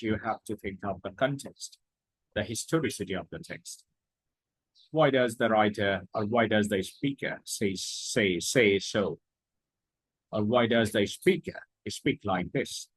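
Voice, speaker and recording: A man's voice: fairly low pitch, breathy edge, dry recording, poor audio. A man teaching a class, explaining words and repeating his points with emphasis. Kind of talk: classroom lecture.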